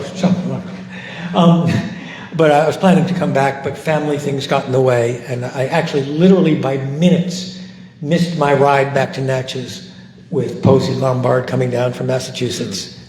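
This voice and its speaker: An older man, a former civil rights volunteer, telling his story at a post-screening discussion, reflective and halting, with many restarts. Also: mid-range voice, a little mellow. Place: large hall. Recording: echoey hall, faint noise.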